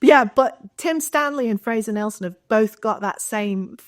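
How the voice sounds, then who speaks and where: A woman's voice: on the high side, normal speed, dry recording, clean studio sound. A woman on a podcast panel, speaking bluntly with heavy swearing. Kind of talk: casual chat.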